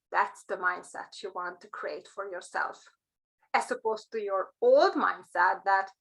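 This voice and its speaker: A woman's voice: medium pitch, a little slow, creaky, poor audio. A woman giving a motivational career talk, telling stories and acting out the thoughts of the people in them. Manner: animated storytelling, acts out quoted thoughts. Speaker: career coach.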